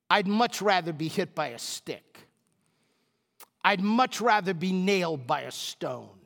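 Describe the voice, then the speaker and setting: A man's voice: high voice, lively intonation, measured pace, gravelly, pushed and bright, in a large hall. A man preaching a sermon, telling a personal story with emphatic repetition to a congregation. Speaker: pastor.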